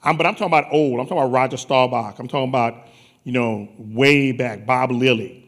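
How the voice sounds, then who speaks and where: A man from New Orleans hosting a conference on stage, bantering and teasing people in playful, joking chatter. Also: medium pitch. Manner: teasing, animated, quick jokes. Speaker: conference host.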